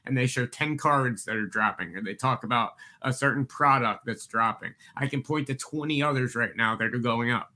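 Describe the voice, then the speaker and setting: A man's voice: mid-range voice, pushed and bright. A man co-hosting a podcast in casual chat, agreeable and emphatic when he vents. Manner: agreeable, quick affirmations, emphatic when ranting. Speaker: podcast co-host.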